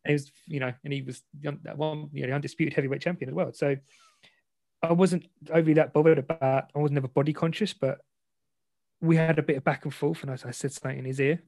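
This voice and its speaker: A man, an interview guest and boxer, frankly recounting a personal story in a self-deprecating, animated way. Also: a little high, fast, creaky, no room sound.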